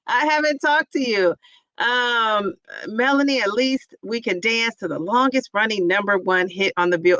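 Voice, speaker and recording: A woman's voice: on the high side, unhurried, bright, forceful tone, no room sound, lo-fi sound. A woman hosting a casual livestream, chatty and effusive as she cheers on her viewers and answers their comments. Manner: chatty, rambling with fillers. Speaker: livestream host reading viewer chat. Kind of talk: casual live chat.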